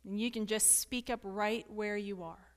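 A pastor's wife from Kentucky with a slight Kentucky accent, giving an earnest, candid talk to a women's gathering and inviting answers from the room, with light self-deprecating humor. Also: female voice, mid-range voice, fairly even intonation, normal speed. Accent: Kentucky with some Northern mix. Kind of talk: candid teaching talk with audience participation.

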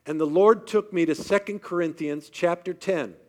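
A man's voice: high-pitched, normal speed, a little mellow. Man giving an emphatic faith talk. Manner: emphatic, questions the audience often. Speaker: speaker addressing a live audience. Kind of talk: faith-based motivational talk.

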